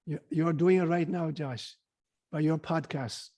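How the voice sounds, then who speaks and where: A man's voice: on the high side, steady tone, measured pace, dark tone. A man speaking as an interview guest, telling a story earnestly with hesitant fillers.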